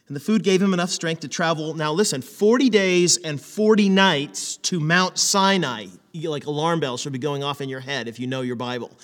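A man preaches in a lively, conversational way, throwing out rhetorical questions. His voice sits a little high. A long hall reverb trails behind every word. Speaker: pastor. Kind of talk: sermon.

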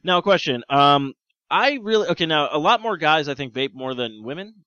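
A man's voice: a little high, animated, a little fast, sharp tone, clear, resonant tone, no echo, muffled recording. A man co-hosting a casual podcast chat, rambling and joking with lots of fillers.

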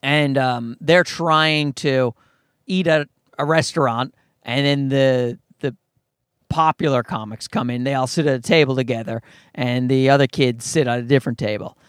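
A man's voice: medium pitch, steady tone, moderate pace, clear, resonant tone, dry recording, clean studio sound. A man ranting as a podcast host, profane, sarcastic and exasperated as he picks something apart. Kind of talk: ranting commentary.

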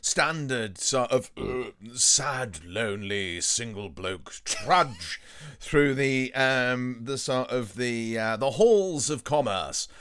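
A man hosting a comic chat show in a middle-pitched voice that wanders freely up and down. He rambles with a dry wit, filling gaps with ums and uhs. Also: lively intonation, slow pace, fairly bright tone, smooth, no echo. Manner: rambling, dry, with many fillers. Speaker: podcast host. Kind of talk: comedic casual chat.

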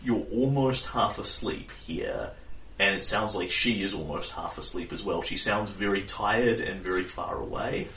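A man running a tabletop game as game master, relaxed and plain-spoken. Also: deep voice, normal speed, hardly any pauses. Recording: roomy, distant mic, faint noise.

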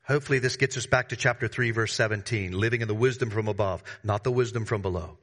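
A man preaching a sermon to his congregation, emphatic, with sudden rises in pitch and volume and casual slangy asides. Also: fast talker, fairly bright tone. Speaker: pastor.

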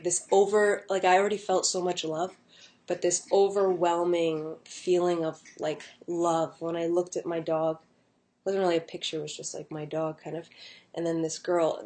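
A young woman vlogger tells a personal story casually at home, wandering off track with lots of fillers and restarts. Her voice is fairly low and a bit mellow, delivered flatly at a measured pace.

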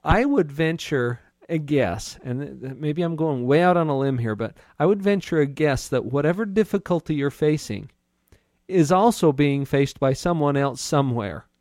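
Thoughtful higher-voiced man host, dry sound. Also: animated, moderate pace, a little mellow, no room sound. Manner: thoughtful, addresses listeners directly. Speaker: podcast host, doctor. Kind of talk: casual interview talk.

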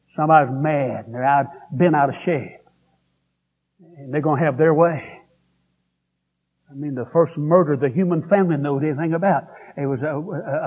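A man preaches in a husky, fairly high voice. He is folksy and emphatic, swinging from high exclamations to low, heavy asides. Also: darkish tone. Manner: folksy and emphatic, with pitch that leaps up and sinks low. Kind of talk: revival-style sermon.

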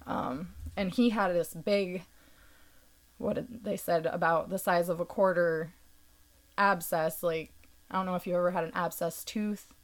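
A woman with a lowish voice talking through a hard experience in plain terms. She takes her time, stops on ums and likes, and picks her words with care. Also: fairly even intonation, a little slow. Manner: earnest, explaining carefully with fillers. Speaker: podcast guest. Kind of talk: casual conversational explanation.

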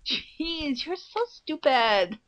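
A woman's voice: high voice, animated, extremely slow, fairly bright tone, lo-fi sound. A woman co-hosting a casual podcast chat at home, teasing and laughing often. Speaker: podcast co-host.

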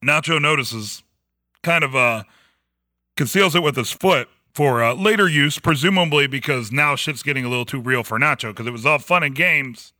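A man's voice: mid-range voice, sharp tone, no echo, clean studio sound. A man hosting a podcast, casually recapping a TV episode in a laid-back, jokey way. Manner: laid-back, jokey, retells plot in quick summaries. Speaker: podcast host.

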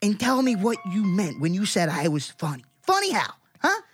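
A man playing a hotheaded New mobster with a lively voice. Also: sits high. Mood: menacing. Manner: brash, rapid-fire, mock-menacing. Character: hotheaded young male mobster, touchy and menacing. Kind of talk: improvised musical comedy. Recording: music playing behind.

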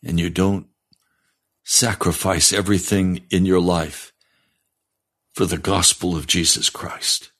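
A male pastor preaching a broadcast sermon, fiery and reading scripture aloud, rising in pitch on pointed questions. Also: level tone, takes it slowly, long pauses, fairly bright tone. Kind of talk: radio sermon.

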